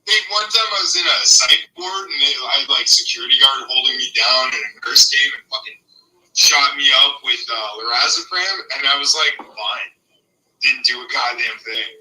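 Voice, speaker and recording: A man's voice: mid-range voice, a little fast, sharp tone, far from the mic. A man in casual chat, rambling and profane, his voice jumping up when he gets worked up. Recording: roomy sound from off-mic.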